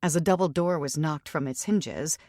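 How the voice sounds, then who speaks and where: A woman reads a fantasy audiobook in an even, steady way, her voice low and grounded. The recording is close and completely dry, with no room sound. Her delivery stays measured and clear throughout. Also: no echo. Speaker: audiobook narrator. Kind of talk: scripted narration.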